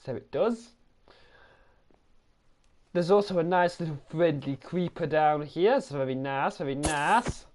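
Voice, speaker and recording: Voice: medium pitch, a little slow, long pauses, a little mellow, a little hiss or hum. A gaming channel host, giving a casual, rambling tour of a game world, correcting themselves and repeating the same praise.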